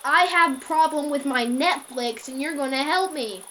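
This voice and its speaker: A woman voicing a menacing male prank caller who makes loud, slow, bullying demands. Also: high-pitched, a little hiss or hum, voice pushed up, low-quality recording. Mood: demanding.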